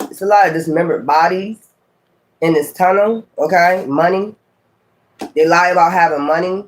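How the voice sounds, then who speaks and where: Animated man musing through a tarot reading. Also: on the high side. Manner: musing aloud, exclamatory asides. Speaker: tarot reader.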